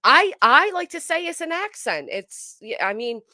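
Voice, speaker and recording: A woman hosting a casual livestream, chatting to viewers in an animated, emphatic way with a forceful edge. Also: high-pitched, normal speed, dry recording, clean studio sound. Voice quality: tends to sound forceful, described as angry. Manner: animated, emphatic, talks straight to chat. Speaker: livestream host.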